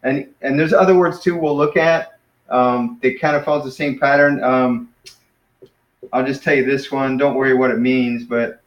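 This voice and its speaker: A man's voice: mid-range voice, fairly even intonation, normal speed, echoey room, dull audio. A man casually teaching Greek pronunciation to a class, hesitant and self-correcting as he explains. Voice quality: hesitant, many fillers and restarts, self-correcting.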